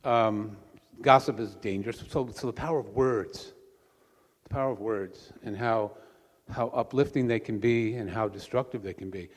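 A man preaching as pastor, a relaxed conversational storyteller. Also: on the low side, normal speed. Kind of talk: sermon with a joke. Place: church sanctuary. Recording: long church reverb.

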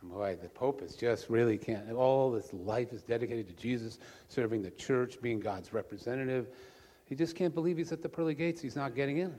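A man preaching as pastor, a relaxed conversational storyteller. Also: mid-range voice, fairly quick, hardly any pauses, husky. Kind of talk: sermon with a joke. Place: church sanctuary. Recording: long church reverb.

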